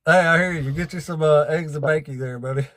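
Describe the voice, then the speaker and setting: A man's voice: a little high, fairly even intonation, quick pace, a bit bright, dry recording, studio quality. A man from North Alabama with a Southern accent, hosting a casual debate livestream in a plainspoken, chuckling way. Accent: Southern American. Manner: laid-back, chuckling, plainspoken. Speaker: host.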